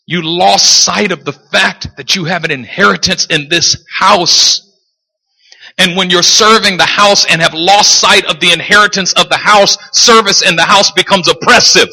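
A man preaches a sermon before a live congregation with animated storytelling that builds to emphatic peaks. His voice is high for a man, sharp and bright, with a husky edge. The church hall leaves a long reverb on every word. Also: moderate pace.

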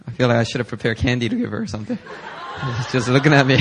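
A man hosting a church prayer meeting, introducing the next speaker in a loud, upbeat, joking way. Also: mid-range voice, very animated, quick pace, background noise.

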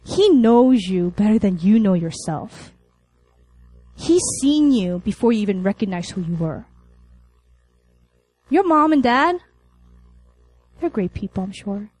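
A woman's voice: mid-range voice, sing-song, a little slow, long pauses, darkish tone, low-quality recording. A young adult woman preaching a sermon to college students, telling a story with laughs and acted-out lines.

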